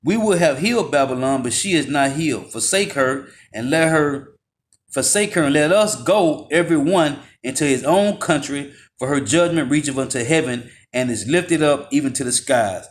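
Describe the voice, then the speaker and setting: A man preaching a forceful, confrontational sermon, slowing down to read scripture aloud and dropping his voice on tag words. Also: a little high. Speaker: street preacher. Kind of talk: fiery street sermon with scripture reading.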